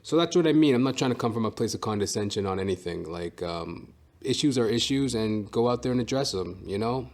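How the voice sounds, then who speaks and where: A man with a fairly low voice hosts a solo podcast and talks casually and at length. He rambles freely, swears often and fills his speech with asides and verbal tics. The tone is unscripted and personal. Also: expressive, brisk, a little mellow. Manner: rambling and profane, with many fillers and asides. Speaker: podcast host and stand-up comedian.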